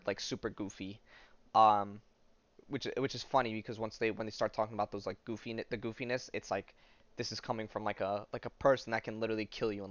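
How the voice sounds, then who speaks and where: A man's voice: on the low side, fairly bright tone, no room sound. Man rambling through a comic recap. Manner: hesitant, full of ums and likes. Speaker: podcast host. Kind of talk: casual comic book recap, reading passages aloud. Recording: dull lo-fi audio.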